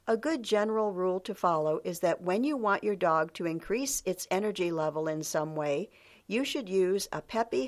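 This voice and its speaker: Woman, scripted instructional narration, measured and even, slightly low voice, calls out headings.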